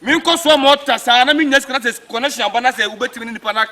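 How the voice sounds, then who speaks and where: A quarrelsome, money-obsessed man, played by a man in a comedy skit who argues in a high, bright voice. He talks at a breakneck clip and keeps insisting on his point. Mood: insistent. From Ghana. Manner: rapid, insistent and argumentative.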